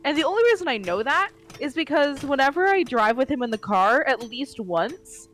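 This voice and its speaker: A young adult chats on a game stream, telling stories in a chatty way crammed with fillers and "likes." The voice sits high and is very animated and a bit bright, at a moderate pace, with soft music playing behind it.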